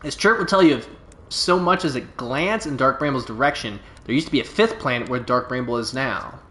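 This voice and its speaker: A man's voice: medium pitch, fairly quick, a bit bright, natural voice. A man voicing a boastful, laid-back stranded alien pilot from a video game, telling his tale in a folksy, drawling way. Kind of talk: reading game dialogue aloud. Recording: roomy echo.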